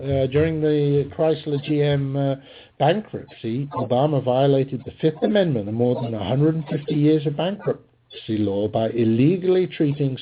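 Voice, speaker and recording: A man hosting a political commentary podcast, combative and sarcastic, talking with frequent fillers and restarts. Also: fairly high pitch. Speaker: podcast host. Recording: tinny phone-line sound with faint hiss.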